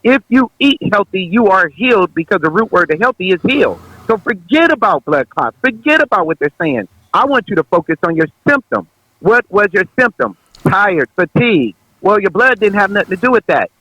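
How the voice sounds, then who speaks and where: Man, guest naturopath, preachy, bright, forceful, dry close sound. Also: high voice, sing-song, moderate pace, dry recording, rough recording. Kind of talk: preaching health talk.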